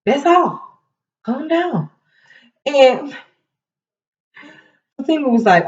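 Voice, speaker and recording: Host woman for a casual show recap, animated and laughing, a bit high, dull roomy sound. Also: far from the mic. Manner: animated retelling, laughs often, quotes characters in quick asides.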